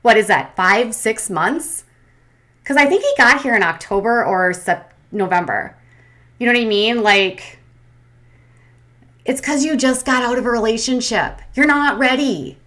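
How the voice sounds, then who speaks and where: A woman's voice: a little high, expressive, moderate pace, fairly bright tone. A woman giving a casual, opinionated recap commentary, chatty and full of "um" and "like". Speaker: commentary host.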